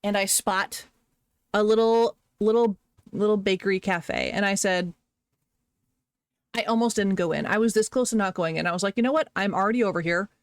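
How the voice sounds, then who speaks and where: A woman talks casually on a live stream, wandering from one thought to the next and gushing whenever something delights her. Her voice sits at an ordinary middle pitch for a woman. The sound is dry and close, with no room echo. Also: moderate pace, clean tone. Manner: chatty and rambling, gushing over small pleasures.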